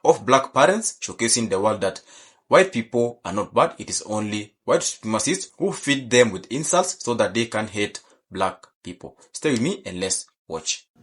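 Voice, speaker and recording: A male host delivering scripted commentary to his viewers, his voice a little husky and full of rising and falling pitch. He speaks formally, politely pleading again and again. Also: big pitch swings, moderate pace, fairly bright tone. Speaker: channel host.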